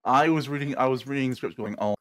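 A man who produces and directs an audio drama, chatting casually in commentary, animated and laughing easily, often stumbling over and repeating his words. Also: medium pitch, fast talker, no echo.

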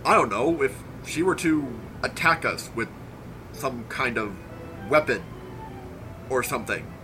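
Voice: medium pitch, expressive, unhurried, music in the background, natural voice. A performer playing an eager, bumbling inventor henchman in an audio drama. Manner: eager, showy.

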